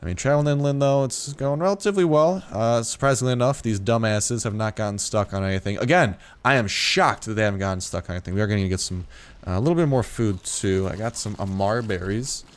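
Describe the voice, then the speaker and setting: A young man with a fairly low voice, chatting loosely as he plays a game late at night. He sounds tired, swears casually, restarts his sentences, and now and then his voice leaps up in startled disbelief. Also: fast talker. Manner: chatty, swears freely, rambling with restarts, yelps in surprise. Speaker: gaming youtuber. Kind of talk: casual let's play commentary.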